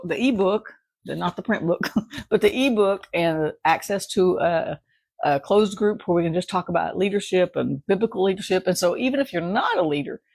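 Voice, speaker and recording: A woman's voice: mid-range voice, vocal fry, breathy edge, dry recording. A woman giving a casual morning devotional as a Bible study teacher, chatty and rambling, often laughing and asking "right?".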